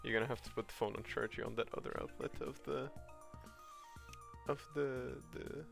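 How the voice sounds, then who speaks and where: Speaking at normal speed in a steady, creaky mid-range voice, a man streams a cozy farming game from home. Faint game music plays as he rambles chattily, reacts to chat, laughs often and restarts frequently.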